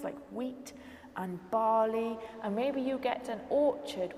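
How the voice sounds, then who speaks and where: A woman's voice: a little high, a little mellow, reverberant, big-room sound. A woman leading a toddler music session with nursery rhymes, songs and animal noises, coaxing the group to clap and join in. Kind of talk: sing-song rhymes and songs for small children. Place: church hall.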